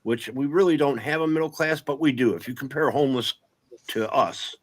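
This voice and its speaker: A man's voice: medium pitch, a little fast. A man in casual political chat, blunt and sarcastic, swearing freely.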